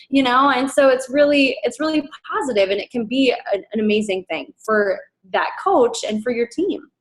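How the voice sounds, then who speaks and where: Chatty upbeat woman, slightly high voice. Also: a little fast, few pauses. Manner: chatty, upbeat, many fillers and restarts, acts out quotes in a high excited voice. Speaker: team coach sharing recruiting tips. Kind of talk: casual presentation to a team.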